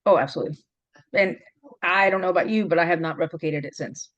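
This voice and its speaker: A middle-aged woman interviewing an old college teammate, reminiscing in a lively, laughing, storytelling way. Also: on the low side, fast, dull audio. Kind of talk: casual reminiscing conversation.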